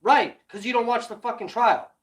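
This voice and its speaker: A woman's voice: fairly high pitch, moderate pace. A woman hosting a livestream, scolding her chat in a heated, profanity-filled commentary rant. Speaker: livestream host.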